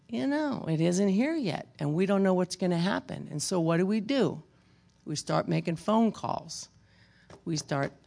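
Gravelly pastor preaching a sermon. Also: medium pitch. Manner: emphatic preaching, swinging between loud exhortation and quiet storytelling; addresses congregation members by name, with wry asides.

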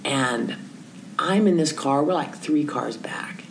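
A Christian speaker, a woman with an extremely low-pitched voice, takes her time telling a story in a conversational way, with a message of faith. She animates it by imitating the people in it and occasionally dropping to a whisper. The recording is rough, with slight background noise.

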